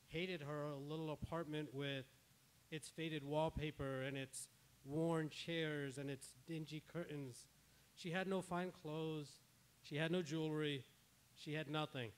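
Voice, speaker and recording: A male pastor with a somewhat high voice preaches in church. He spins a story dramatically and voices the characters' lines himself. A faint hiss runs under the recording. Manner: dramatic retelling with quoted dialogue. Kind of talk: sermon storytelling.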